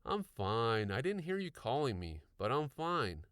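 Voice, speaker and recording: A man's voice: medium pitch, sing-song, a little slow, a bit bright, clean tone, no echo, clean studio sound, pitched above the performer's own voice. A man voicing a bragging, show-off boy in a slightly raised voice for an audiobook. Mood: cocky. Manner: bragging, brash.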